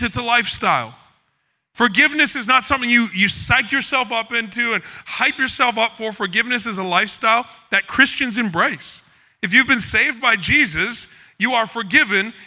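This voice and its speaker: A man preaching a sermon as pastor, animated and acting out the quoted figures. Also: high-pitched. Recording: hall reverb.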